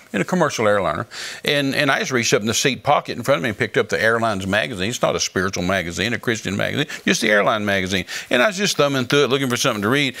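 An older man, an evangelist guest, telling a testimony in a folksy, animated preaching style. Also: mid-range voice, vocal fry. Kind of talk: storytelling testimony.

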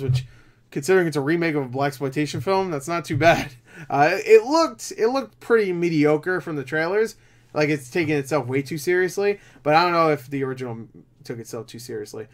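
A tired young man rambling through casual movie box office commentary, swearing often and breaking into loud disbelief. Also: a little high. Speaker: movie vlogger.

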